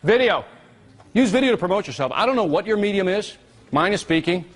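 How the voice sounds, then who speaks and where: Guy doing a seminar talk, kinda high voice, animated, keeps teasing the crowd and asking questions. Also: a little fast. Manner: animated, teasing, call-and-response with the audience. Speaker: seminar speaker on marketing. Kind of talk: live seminar talk to an audience.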